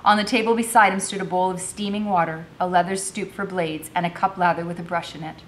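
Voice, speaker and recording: A woman's voice: on the low side, fairly even intonation, fast, a little hiss or hum. A woman teacher reading a novel aloud, narrating expressively.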